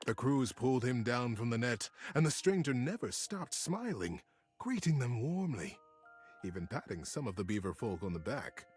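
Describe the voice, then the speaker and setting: A man narrating a storybook with an expressive, theatrical delivery. His voice is husky and breathy, and his pitch rises and falls widely through each sentence. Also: moderate pace, soft background music.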